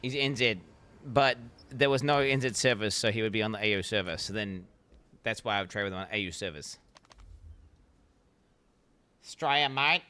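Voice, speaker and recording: A man's voice: lowish voice, fairly even intonation, brisk, sharp tone, smooth. Man streaming games, swearing a lot. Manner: crude, swears constantly, loose and joking. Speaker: game streamer. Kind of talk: casual live-stream chat.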